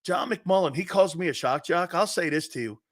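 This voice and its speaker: A man's voice: fairly high pitch, a little fast, a bit bright. A middle-aged man hosting a sports talk show, chatting casually and reacting to viewer comments with frequent laughter and rambling asides.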